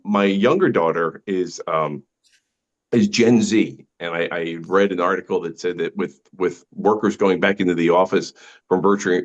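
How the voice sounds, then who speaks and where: A man's voice: low voice, muffled recording. A middle-aged man doing a stand-up set from his dining room over a video call, chatty and punchy, with frequent stammering restarts. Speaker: stand-up comedian.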